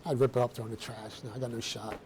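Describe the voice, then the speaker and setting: A middle-aged man telling his own story to a room of students in a blunt, streetwise, animated way, with casual slang. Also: medium pitch, very fast, slight background noise. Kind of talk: personal storytelling talk to students.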